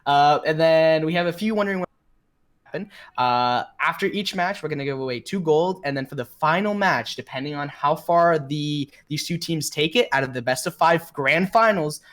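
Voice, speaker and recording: A man co-hosting an esports stream, reading chat messages aloud and giving shoutouts in a relaxed way. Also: on the high side, normal speed. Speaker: esports co-caster.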